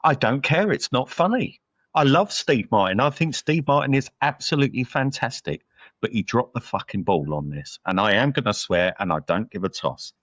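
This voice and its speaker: Guy swearing his way through a film review, lowish voice, slightly muffled sound. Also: animated, fairly bright tone, no echo. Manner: blunt, sweary, quick to laugh. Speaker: podcast co-host. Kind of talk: casual film review chat.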